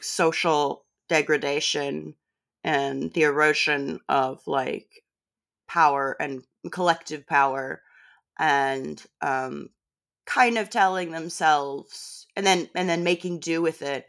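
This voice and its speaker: Female podcast guest, low voice, sardonic, quick laughs, casual chat. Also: fairly bright tone.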